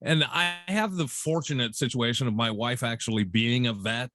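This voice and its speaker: A man's voice: mid-range voice, moderate pace, fairly bright tone, dry recording, clean studio sound. A man co-hosting a podcast, talking in a casual, exasperated way and swearing as he rants. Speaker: podcast co-host. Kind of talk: casual chat.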